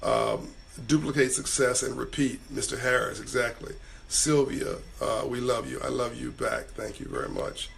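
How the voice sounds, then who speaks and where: A man hosting a live stream, hoarse and tired, giving motivational advice and reading out viewer comments in a casual way. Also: medium pitch, fairly even intonation, moderate pace, fairly bright tone, slight background noise. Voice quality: raspy. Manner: motivational, urges viewers to act.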